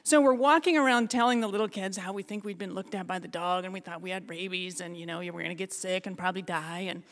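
A middle-aged woman from Alaska telling a funny personal story to an audience in a lively, self-mocking way, laughing often. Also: lowish voice, fast. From Alaska, USA.

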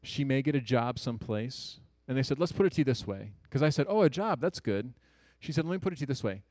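A man's voice: mid-range voice, dry recording. Male storyteller, thirties, earnest and conversational, mid-range voice, dry close sound. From Ohio, USA. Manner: earnest, conversational, with quick jokes and hushed asides. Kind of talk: personal story told to an audience.

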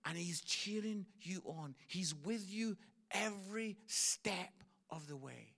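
Gravelly man preaching with big swings. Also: high voice, lively intonation, slow. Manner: swings from hushed tender lines to shouted bursts. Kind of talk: sermon storytelling.

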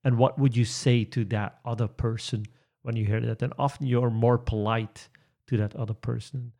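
Male trainer, conversational, halting with fillers and restarts, laughs easily. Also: medium pitch, steady tone, gravelly, mellow. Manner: hesitant, many restarts and fillers, chuckles often. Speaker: presentation trainer. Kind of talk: conversational podcast chat.

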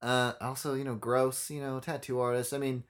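A young man co-hosts a casual podcast, telling a story in a blunt, animated way and swearing a lot. His voice is medium in pitch and moderately paced.

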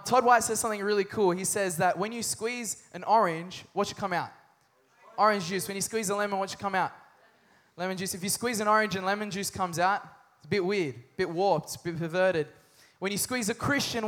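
A man's voice: high voice, moderate pace, a bit bright. A young adult man preaching a sermon with energy and humor, often calling for responses from the congregation. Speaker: pastor.

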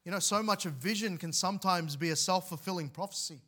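Male pastor, sermon delivery, earnest with frequent restarts; bright, slightly high voice. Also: quick pace. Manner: earnest, repeats words and restarts, reads scripture aloud.

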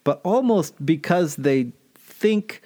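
A man in casual conversation, recounting local history in a relaxed way, with fillers. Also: on the high side, takes it slowly.

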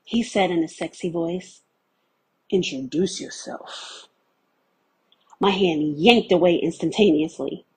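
A woman's voice: fairly low pitch, moderate pace, few pauses, a little mellow, slightly rough. A woman giving scripted first-person narration of a story, telling it in a candid, wry way.

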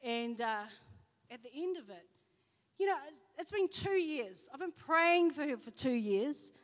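A woman with a New Zealand accent gives a sermon in a fairly high voice. She tells personal stories and acts out each side of the conversations. Her voice rings with the long reverb of a church hall. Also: animated, unhurried. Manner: storytelling, acting out dialogue. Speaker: preacher.

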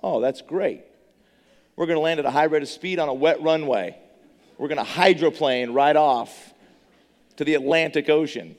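A middle-aged man preaching a testimony sermon, an animated storyteller who stammers and repeats words. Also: fairly high pitch, normal speed. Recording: long reverb of a large hall.

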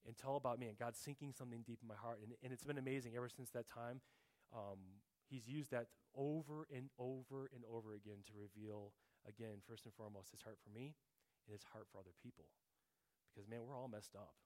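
A middle-aged man giving a heartfelt testimony in church, earnest and often dropping to a soft, quiet tone, sometimes repeating words as he searches for a phrase. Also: mid-range voice, steady tone, a little fast. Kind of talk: sermon testimony.

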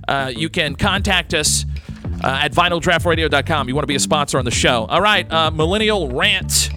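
A man's voice: fairly high pitch, normal speed, music in the background. A man hosting a radio talk show, rambling and blunt, with crude words and many fillers.

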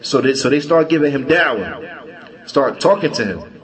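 Male teacher, mid-pitched, loose storytelling lecture, lots of restarts. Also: expressive, poor audio. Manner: storytelling, halting with many restarts and repeated words. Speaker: religious class teacher. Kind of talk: conversational religious lecture. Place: mosque.

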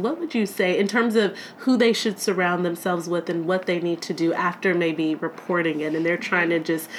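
A woman's voice: lowish voice, a little hiss or hum. Woman host asking careful questions. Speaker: podcast host. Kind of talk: interview questions.

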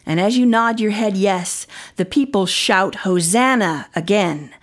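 A woman narrating a Bible story for children in an expressive way, dropping into dramatic whispers. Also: medium pitch, a little slow. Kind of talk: scripted narration.

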